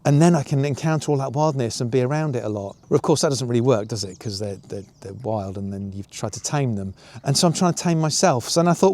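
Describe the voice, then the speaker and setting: A man's voice: medium pitch, quick pace, hardly any pauses, darkish tone. A man talking to camera in a reflective personal vlog, musing and self-questioning, with frequent fillers. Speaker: YouTuber.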